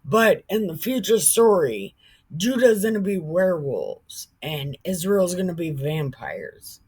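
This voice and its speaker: A woman's voice: on the low side, big pitch swings, unhurried, a little mellow, slightly rough. A woman retelling a Bible story in a casual, irreverent way, joking, swearing, and stumbling over words.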